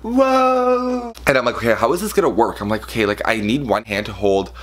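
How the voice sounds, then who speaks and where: A man vlogging a casual story, gossipy and animated, acting out what people said and peppering his talk with "like". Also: on the low side, fast talker. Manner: animated, gossipy, acts out quotes with filler "like".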